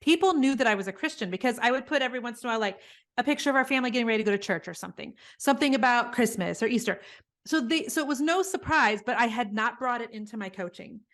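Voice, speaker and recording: A middle-aged woman guest in an interview, telling stories in an earnest, animated way. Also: fairly high pitch, quick pace. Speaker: guest, business coach. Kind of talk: conversational interview.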